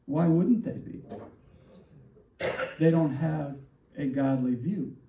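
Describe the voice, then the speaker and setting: A man preaching a sermon as pastor, animated and full of rhetorical questions, acting out the lines he quotes. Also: on the high side, slow pace, gravelly, background noise. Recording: distant, roomy, dull church recording.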